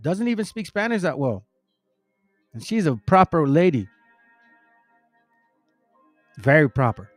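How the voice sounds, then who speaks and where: A man's voice: on the high side, big pitch swings, a little slow, long pauses, no room sound, faint music behind. A middle-aged man hosting a casual preaching monologue, rambling and slangy, calling his listeners family and bro. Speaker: religious channel host.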